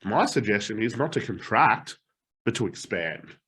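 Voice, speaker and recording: A man's voice: fairly low pitch, moderate pace, breathy edge. A middle-aged man coaching a live online challenge, telling personal stories with frequent laughs and casual swearing. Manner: animated storytelling, laughs often, swears casually. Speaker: motivational coach.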